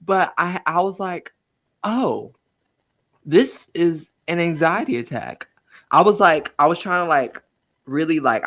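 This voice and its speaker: A man's voice: mid-range voice, fairly bright tone, dry recording. A young man speaking as a guest, telling a personal story openly and with feeling, with lots of fillers and nervous laughs. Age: young adult. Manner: open and emotional, with frequent fillers and nervous laughs. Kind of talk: candid personal conversation. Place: inside a car.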